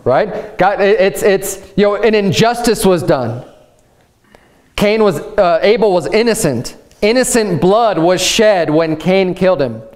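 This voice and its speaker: High-voiced impassioned male preacher. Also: animated, measured pace, darkish tone. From United States. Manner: impassioned preaching, many restarts and repetitions. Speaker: pastor. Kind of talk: sermon.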